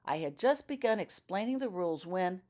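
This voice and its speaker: A woman's voice: on the low side, expressive, normal speed, darkish tone, voice pushed up, close to an everyday voice. A woman voicing an irritable, blustering male wizard guard in a fan fiction audiobook reading. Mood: storytelling. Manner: snappish, defensive, blustering.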